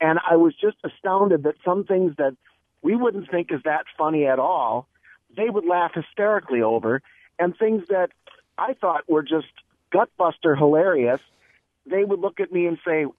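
Male radio caller, slightly high, halting, thin phone line. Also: lively intonation, no echo. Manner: friendly, halting with restarts. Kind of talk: phone-in comment.

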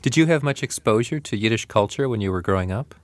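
A man interviewing as a radio host, asking measured, curious questions. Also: lowish voice, expressive, no echo.

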